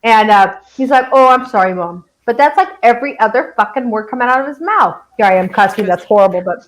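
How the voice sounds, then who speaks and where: A woman in her fifties talking candidly in a casual group chat. She is emphatic and swears freely, with a slightly high voice. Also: quick pace, low-quality recording.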